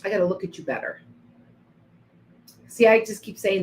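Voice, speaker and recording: Livestream psychic host, woman, casual chatty delivery, mid pitch, faint background hum. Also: steady tone, moderate pace, long pauses, rough recording. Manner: chatty, addresses viewers by name, frequent restarts. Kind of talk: live-stream reading and chat.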